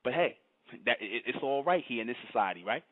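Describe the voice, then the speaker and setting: A man's voice: mid-range voice, lively intonation, brisk, no room sound. A man hosting his own channel, delivering a scolding monologue in reply to chat comments, firing rhetorical questions and repeating himself. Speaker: channel host. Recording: tinny phone-like audio.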